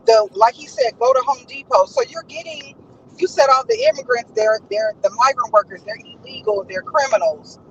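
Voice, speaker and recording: A woman's voice: high voice, huge pitch swings, normal speed, highs cut off, slight background noise. A woman from Los hosting a casual commentary show, talking in an emphatic, indignant way. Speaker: host.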